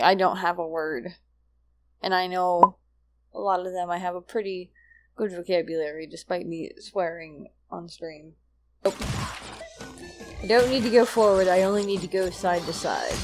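A woman streaming a video game, talking casually to her viewers, with frequent loud outbursts and a lot of swearing. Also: on the low side. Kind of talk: casual let's-play commentary.

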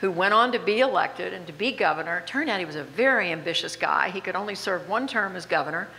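A woman in her seventies with a slight Southern accent, telling lively, self-deprecating stories as an honored guest on stage. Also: on the low side, fast talker. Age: 70s. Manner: animated, self-deprecating anecdotes with frequent laughs. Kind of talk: on-stage interview storytelling. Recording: reverberant hall with faint background noise.

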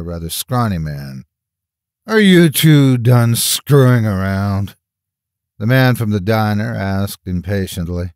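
A man narrating a first-person horror story in a measured storytelling voice. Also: fairly low pitch, no echo, clean studio sound.

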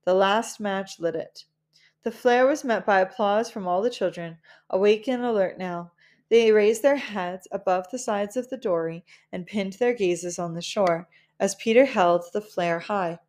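A woman reading a children's novel aloud in a gentle, measured storytelling manner. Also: mid-range voice. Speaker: audiobook reader.

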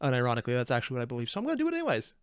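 A man reacting to a video in casual commentary, rambling and giggly, over-caffeinated and jumping into high squeaks. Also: wildly swooping pitch, very fast, smooth, no echo, studio quality. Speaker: reaction streamer.

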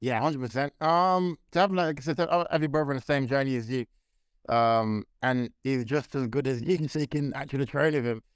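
A man from the UK, a fighter guest, talking casually in halting sentences full of fillers. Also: medium pitch, clear, resonant tone, no room sound, clean studio sound. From United Kingdom. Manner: halting, full of fillers and restarts, laughs easily. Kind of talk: casual interview chat.

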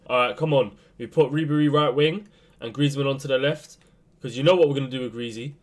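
A young man commentating his own football video game match, swinging between low muttering and sudden shouts. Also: quick pace. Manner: excitable, swings from muttering to yelling. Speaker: gaming youtuber. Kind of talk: live gameplay commentary.

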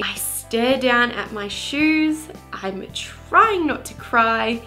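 A woman telling a personal story about her first school day with a lively, dramatic delivery. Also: a little high, takes it slowly, few pauses, faint music behind.

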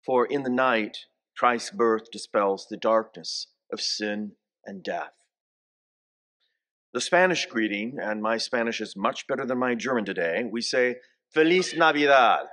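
A man's voice: lowish voice, fairly bright tone. A man in his sixties, a bishop, giving a homily in a church, telling family stories and coaxing the congregation to repeat greetings. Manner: slow, story-telling preacher who coaxes the congregation to repeat greetings.

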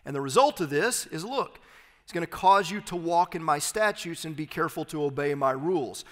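Pastor guy with a high voice, reading scripture then unpacking it, echoey church. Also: animated, a bit bright. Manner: reads scripture aloud, then explains it with emphatic, slowed phrases. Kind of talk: expository sermon. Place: church sanctuary.

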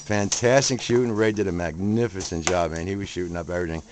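A man's voice: low voice, fairly even intonation, fast. A middle-aged man with a New Jersey accent, casually chatting and joking as he films around an outdoor shooting range. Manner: chatty, jokey, friendly banter. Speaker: event host filming a tournament. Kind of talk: casual walk-around narration. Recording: noisy outdoor camera audio.

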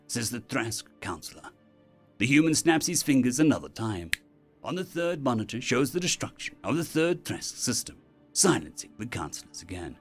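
A man's voice: medium pitch, sing-song, normal speed, husky. A man narrating a science fiction story in a dramatic storytelling manner, with faint music behind.

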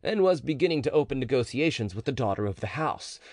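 A man narrating a classic story as an audiobook, with expressive storytelling. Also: mid-range voice, quick pace, no echo, clean studio sound.

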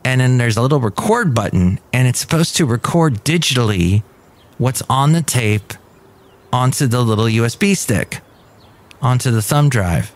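A man hosting his own podcast in a chatty, rambling, self-mocking way. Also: mid-range voice. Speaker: podcast host. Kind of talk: casual chat.

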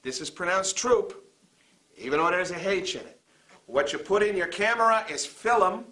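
A man's voice: high-pitched, expressive, pushed and bright. A man playing a bossy teacher who lectures on a local dialect in a comedy sketch. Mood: lecturing. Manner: deliberate, exaggerated lecturing delivery. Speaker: teacher of a comic dialect class.

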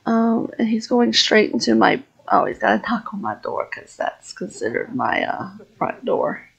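A woman giving casual Let's Play commentary on a life-simulation game, chatting and voicing her character's reactions in quick asides. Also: mid-range voice, big pitch swings, creaky, husky, rough recording. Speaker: gaming YouTuber.

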